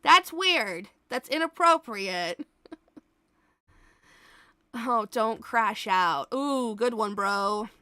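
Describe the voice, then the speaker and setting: A woman's voice: a little high, animated, extremely slow, pauses often, bright, forceful tone, clear, resonant tone, dry recording, clean studio sound. A young adult woman streaming live, chatting casually with viewers in a blunt way, swearing freely and laughing often.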